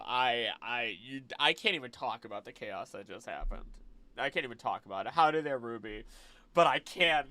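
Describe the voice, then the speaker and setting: A young man chatting casually with his live-stream audience, animated and exclaiming, laughing often. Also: mid-range voice, normal speed, dry recording.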